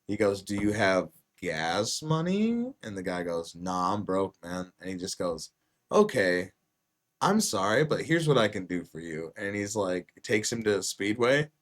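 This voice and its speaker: This is a man hosting a casual podcast, recounting a story in a slightly low voice. He swears freely and acts out each quoted line with sudden loud bursts. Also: big pitch swings, a little slow. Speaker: podcast host.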